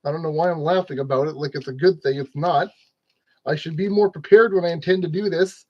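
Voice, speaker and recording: A man's voice: fairly high pitch, steady tone, a little fast, dull audio. A man narrating a model kit build in a casual, rambling way, scolding his tools and joking at his own expense. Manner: rambling, talks to objects, self-deprecating.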